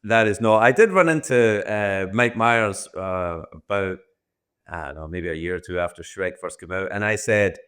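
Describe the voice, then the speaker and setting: A man's voice: low-pitched, moderate pace, fairly bright tone, clear, resonant tone. A Scottish man in his sixties, a podcast guest who answers in rambling, self-deprecating stretches and restarts his sentences often. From Scotland. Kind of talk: podcast interview.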